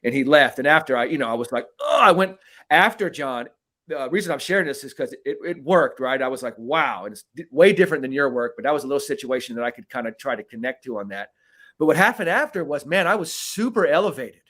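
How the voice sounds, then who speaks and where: A man in a relaxed podcast chat who coaches the mental side of the job. He tells a story in a loose, lively way, swearing casually and tagging his sentences with "right?". His voice sits at an ordinary middle pitch. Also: quick pace. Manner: animated, swears casually, frequent "right?" tags.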